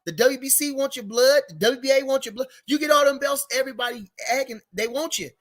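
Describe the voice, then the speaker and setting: Man, high voice, speech, rambling boxing chat, repeats himself, heated. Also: fast talker. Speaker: boxing commentary show host. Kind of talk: casual unscripted boxing talk.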